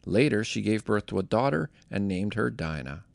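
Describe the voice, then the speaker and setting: Male reader, heavy vocal fry, lively delivery, dry close sound, scripture reading. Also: fairly low pitch, normal speed, dry recording. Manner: lively, expressive storytelling. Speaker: Bible reader.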